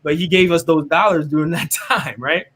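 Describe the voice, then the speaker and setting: A man being interviewed, telling his faith story in a casual, animated way. He often tags his sentences with "right?" and acts out what other people said to him. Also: on the high side, moderate pace. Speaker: interview guest.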